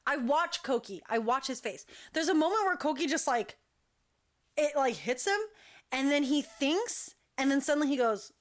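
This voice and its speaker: A woman who directs a dance crew, telling an animated, chatty story full of "like" fillers. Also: high-pitched, moderate pace. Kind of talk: casual storytelling.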